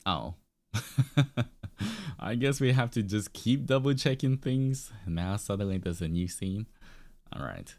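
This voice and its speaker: A man's voice: medium pitch, big pitch swings, slow, pauses often, darkish tone. A young man streaming a game, thinking aloud in a puzzled, laughing way. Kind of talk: casual game commentary.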